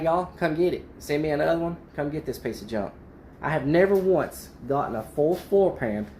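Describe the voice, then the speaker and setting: A man's voice: a little high, slight background noise. A man, a car restorer, ranting in a frustrated way about bad parts in his garage workshop.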